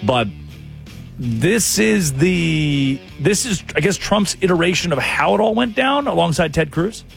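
A man's voice: a little high, measured pace, creaky, over music. A man hosting a comic sports talk show, telling stories with quoted voices. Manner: animated storytelling with voiced quotes.

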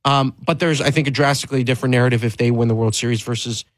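An emphatic male sports-talk host who speaks his mind bluntly, often restarting phrases and pushing his voice up for stress. His pitch is an ordinary male middle, and the sound is close and dry with no room around it. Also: fairly even intonation, rapid-fire, no echo, low-quality recording. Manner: emphatic and candid, with frequent restarts and rising stress.

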